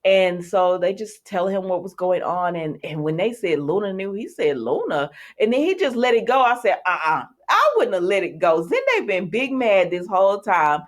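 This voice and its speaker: A woman vlogger casually recapping soap opera episodes, chatty and animated, with laughs and acted-out quotes. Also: medium pitch, moderate pace, hardly any pauses.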